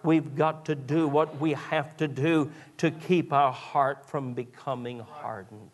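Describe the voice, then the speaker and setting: A male pastor, preaching a sermon that moves from quiet storytelling to raised, fervent preaching. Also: a little high, fairly even intonation, slow pace.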